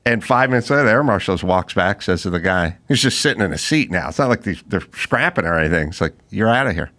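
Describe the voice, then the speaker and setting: A man's voice: deep voice, lively intonation, fast, bright, forceful tone. A man hosting a podcast, speaking in a casual, sardonic and blunt way, with some swearing. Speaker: podcast host. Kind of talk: casual chat. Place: podcast studio.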